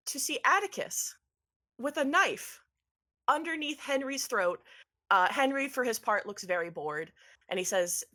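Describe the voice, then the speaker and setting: A woman's voice: medium pitch, big pitch swings, moderate pace, a bit bright. A woman narrating a tabletop game as game master, casual, with fillers.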